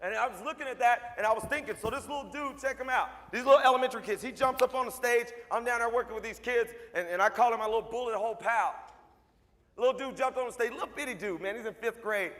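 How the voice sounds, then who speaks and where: A man's voice: extremely high pitch, fast talker, pushed and bright. A man giving a motivational speech to a school assembly as a mentor, telling stories emphatically and repeating lines for effect. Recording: long hall reverb.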